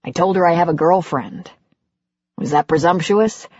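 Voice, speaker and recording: Woman reading as a gentle, bashful older man. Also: lowish voice, moderate pace, no room sound, highs cut off, lightly acted. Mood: wondering, gentle. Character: gentle self-deprecating older man, soft-spoken. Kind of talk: audiobook character voice.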